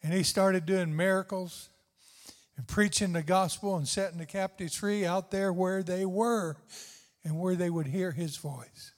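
A man's voice: high voice, a little slow. An older man preaching a sermon with fervent, tender, repetitive emphasis. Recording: long hall reverb.

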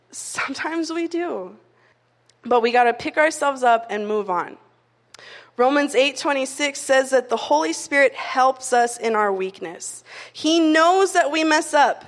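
A woman's voice: high voice, a bit bright. A young adult woman giving a casual, conversational sermon, telling stories in a chatty way with many "like" fillers. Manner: chatty storytelling, frequent "like" fillers. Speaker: preacher. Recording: long reverb of a hall.

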